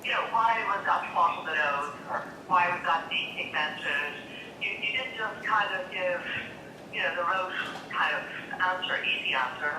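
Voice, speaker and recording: A woman's voice: on the low side, moderate pace, far from the mic, background noise. A woman in her fifties with an Irish accent, giving a chatty tribute as a dermatologist calling in, laughing between remarks. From Ireland. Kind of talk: tribute speech over speakerphone. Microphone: phone on speaker, far camera. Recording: echoey speakerphone heard from across a room.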